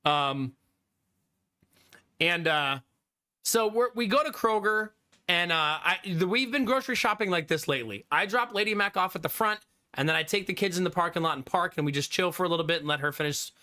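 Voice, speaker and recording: A man's voice: sits high, animated, brisk, bright, forceful tone. A man in his thirties, a live streamer telling a story to his viewers in casual chat, laughing often and swearing freely.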